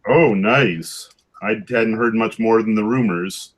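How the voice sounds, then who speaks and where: A man chatting casually, with many restarts and halting phrases, sounding keen about cartoon news. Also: fairly low pitch, low-quality recording. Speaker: cartoonist in a drawing group. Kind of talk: casual chat.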